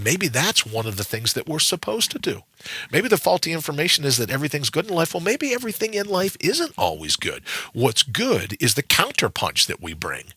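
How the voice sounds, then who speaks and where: Animated husky-voiced radio host man. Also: mid-range voice, no echo. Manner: animated, preachy, acts out quoted voices. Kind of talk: motivational morning talk show monologue. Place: radio studio.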